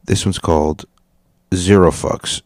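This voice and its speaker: Deep-voiced podcast host man, dry sound. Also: fairly even intonation, takes it slowly, darkish tone, no echo. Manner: laid-back, profane, rambling. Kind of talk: casual reaction commentary.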